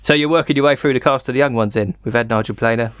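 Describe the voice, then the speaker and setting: A man's voice: mid-range voice, very fast, a bit bright, clean tone, no echo, clean studio sound. A man hosting a radio interview, easygoing and encouraging toward his guest. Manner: easygoing, encouraging, laughs along. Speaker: radio show host.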